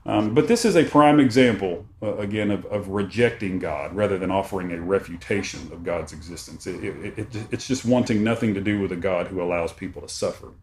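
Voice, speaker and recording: A man leading a church study lesson, talking in a conversational, halting way with frequent restarts. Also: low voice. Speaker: Bible study teacher. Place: church meeting room. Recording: roomy room with faint background noise.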